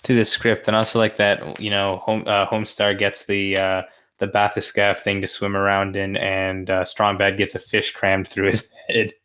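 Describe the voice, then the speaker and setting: A man's voice: on the low side, completely flat delivery, moderate pace, a bit bright. A man co-hosting a podcast in casual chat, rambling with many fillers, laughing often. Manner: rambling, laughs often, quotes cartoon lines in put-on voices. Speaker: podcast co-host.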